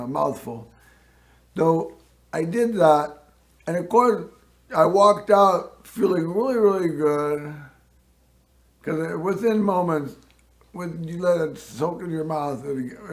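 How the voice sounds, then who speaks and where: A man hosting a local TV show, telling a personal story in a rambling way and often clearing his throat. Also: fairly high pitch. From Northern California. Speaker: host.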